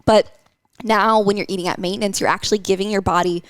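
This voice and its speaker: A woman's voice: medium pitch, fairly even intonation, fast, no room sound, clean studio sound. Chatty woman coaching on nutrition. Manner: chatty, lots of fillers. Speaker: nutrition coach, podcast host. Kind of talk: casual podcast chat.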